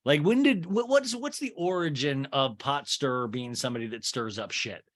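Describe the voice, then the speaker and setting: A man's voice: medium pitch, expressive, moderate pace, a bit bright. A man hosting a podcast, recapping a reality show in a chatty, sarcastic way and talking to listeners as "you guys". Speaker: podcast host. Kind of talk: casual recap commentary.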